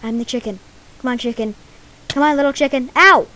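A woman playing a video game live, excitedly talking to the creatures on screen and crying out when things go wrong. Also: high-pitched, fairly quick, slight background noise. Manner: excitable, talks to game creatures, bursts of cries. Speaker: gamer playing a minigame server. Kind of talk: live gameplay commentary.

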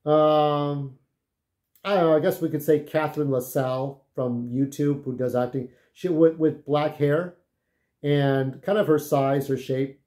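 A man's voice: fairly high pitch, steady tone, a little slow, warm tone. A man telling casual, rambling stories, full of swearing, who keeps checking in with "okay?". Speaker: vlogger. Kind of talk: casual storytelling.

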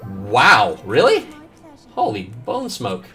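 A man's voice: medium pitch, slow, gravelly. A man streaming a video game, chatting casually and telling joking, profane stories while he plays. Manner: joking, profane, animated storytelling. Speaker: gaming streamer. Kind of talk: casual gameplay commentary. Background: faint game music.

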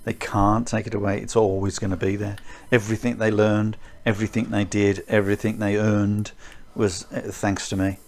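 A man's voice: lowish voice, little pitch movement, moderate pace. A man, a martial arts teacher, talking in casual podcast chat, rambling with dry chuckling asides.

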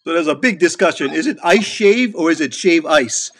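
A man's voice: on the high side, expressive, normal speed, fairly bright tone. A man from Hawaii with a Hawaiian Pidgin accent, hosting a casual chat show, joking and laughing as he talks. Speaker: show host.

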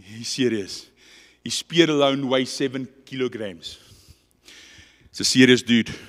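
A man with a South African accent preaching a passionate, dramatic sermon that swings between loud and quiet. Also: medium pitch, a little slow, in a large hall.

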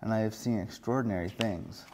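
A man's voice: lowish voice, fairly quick, darkish tone, slight background noise, natural voice. A man voicing a proud young male frog who brags about the world, read aloud from a storybook. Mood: boastful.

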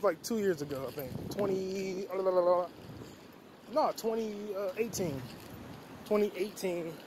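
Man, high-pitched for his age group, loose profane street vlogger; clear traffic noise under the voice. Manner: loose, profane, rambling storytelling. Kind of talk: casual rambling monologue. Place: outdoors in a city, walking and sitting on a bench. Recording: loud outdoor street noise. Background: traffic and city ambience.

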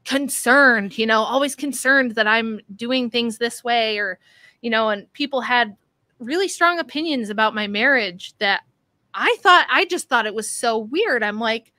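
A woman author, a guest on a remote call, talking in a chatty, animated way in casual conversation. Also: a little high, unhurried, dry recording.

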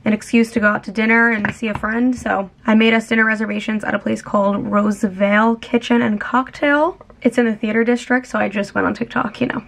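Hoarse young woman, chatty vlog. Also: a little high, steady tone, fairly quick, fairly bright tone. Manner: chatty, rambling, lots of "like". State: hoarse, voice mostly gone. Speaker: vlogger. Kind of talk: casual vlog chat to camera. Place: at home indoors.

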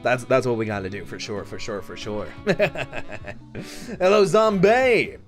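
A man hosting a streamed café roleplay, playful and flirty, who often squeals high and laughs. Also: expressive, slow pace, soft background music. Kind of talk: casual live-stream chat and café roleplay.

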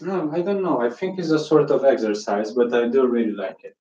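A man, a painter, talking in a soft, hesitant way during a casual chat. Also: mid-range voice, animated, a little fast, echoey room, muffled recording.

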